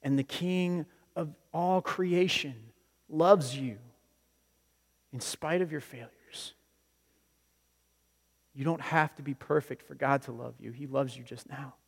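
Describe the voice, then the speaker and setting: A man's voice: fairly high pitch, steady tone, slow, creaky, pauses often, husky. Man preaching conversationally in a reverberant hall. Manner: conversational, repeats phrases, often starts with "listen". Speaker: pastor. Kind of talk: sermon. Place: church sanctuary.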